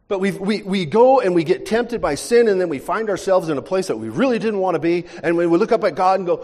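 A man's voice: high voice, fast, hardly any pauses. Male pastor preaching in a big echoing hall. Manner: animated storytelling with repeated restarts. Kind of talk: sermon. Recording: long church hall reverb.

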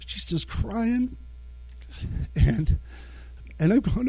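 A man telling a personal faith story, animated, acting out his own thoughts and the words of others. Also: on the high side, a little slow, pauses often, slightly rough, no echo. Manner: animated, acts out his own inner dialogue.

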